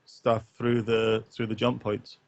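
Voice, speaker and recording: A man's voice: fairly low pitch, monotone, slow, gravelly. A man who grew up partly in Northern Ireland, co-hosting a podcast after-show in casual chat, rambling and thinking aloud with lots of fillers. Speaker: podcast co-host. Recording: dull lo-fi sound.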